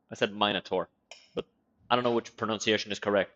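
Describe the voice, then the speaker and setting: A man's voice: fairly low pitch, fairly even intonation, fast, fairly bright tone, muffled recording. A man streaming a video game in casual commentary, reading in-game text aloud and reacting with wry, profane remarks. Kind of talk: casual let's-play commentary.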